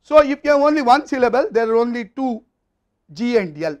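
A man's voice: very high-pitched, animated, fairly quick, darkish tone, highs cut off. A man with an Indian English accent giving a university lecture, explaining step by step in a methodical way.

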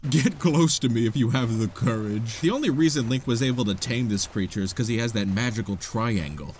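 A man's voice: medium pitch, big pitch swings, moderate pace, slight background noise. A man giving playful, sarcastic gameplay commentary as a video host, often laughing. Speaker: gaming YouTuber.

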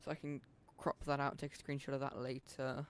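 A gamer giving casual gameplay commentary, muttering to themself and talking back to the characters on screen, playful and quick to laugh. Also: medium pitch, level tone, background noise. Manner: mutters to self, talks to game characters; playful, laughs and hums along. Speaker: let's play gamer.

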